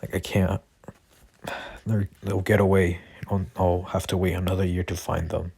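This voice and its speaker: This is an earnest, kindhearted teenage boy hero, voiced by a man telling a fan story. The voice sits low with a gravelly, husky edge. He speaks slowly, softly and apologetically. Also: little pitch movement, heavily acted. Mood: urgent.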